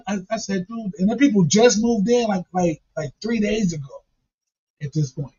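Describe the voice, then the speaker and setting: A man's voice: sits high, moderate pace, dark tone, breathy edge. A man casually telling a profane, funny story and laughing along as he goes. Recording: dull lo-fi recording.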